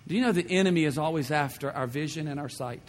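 A man's voice: on the high side, fast. A male pastor preaching a sermon with fervent, repetitive phrasing and rhetorical questions. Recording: long reverb of a large hall.

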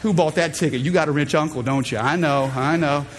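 A man's voice: on the high side, fairly quick, slight background noise. A man in his thirties preaching a sermon from a church stage, emphatic and calling out to the congregation. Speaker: pastor. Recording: long hall reverb, faint ambience.

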